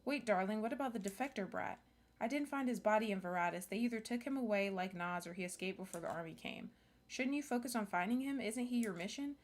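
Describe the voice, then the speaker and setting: A woman's voice: medium pitch, quick pace, close to an everyday voice. A woman voicing a devoted young female mage who dotes on one companion and sneers at others. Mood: doting, snippy.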